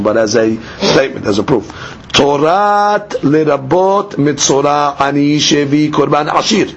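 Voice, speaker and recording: A man's voice: a little high, slightly rough, dull audio. A man giving a daily Talmud lecture, explaining each step by asking and answering his own questions. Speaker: Talmud teacher.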